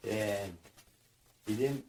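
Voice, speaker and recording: A man's voice: fairly low pitch, very slow, darkish tone, poor audio. A man telling a dream story in a rambling way, repeating phrases and acting out voices. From United States.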